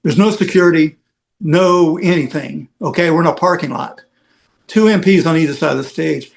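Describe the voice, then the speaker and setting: Rambling, higher-voiced storyteller man. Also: moderate pace, vocal fry. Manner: rambling anecdotal, heavy "you know" fillers. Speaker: veteran rock roadie guest. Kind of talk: casual storytelling on a podcast.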